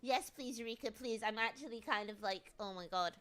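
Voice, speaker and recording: Bright, teasing British woman streamer. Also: fairly high pitch, brisk. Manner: teasing, jokey banter with many restarts. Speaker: VTuber streamer. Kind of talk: casual livestream chat.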